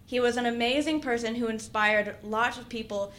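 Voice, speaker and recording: Chatty young woman, slightly high. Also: normal speed, fairly bright tone, a little hiss or hum. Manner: chatty, laughing, lots of fillers. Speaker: podcast co-host. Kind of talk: casual podcast chat.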